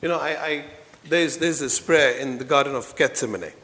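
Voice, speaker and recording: A man preaching a sermon in a church, earnest, moving between soft low passages and loud emphatic ones. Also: normal speed. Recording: long reverb in a hall.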